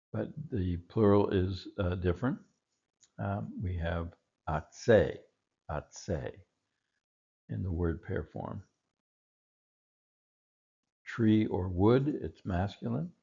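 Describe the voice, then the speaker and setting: A man teaching a recorded Hebrew vocabulary lesson, patiently repeating each word slowly. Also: low-pitched, vocal fry, mellow, slightly rough, highs cut off.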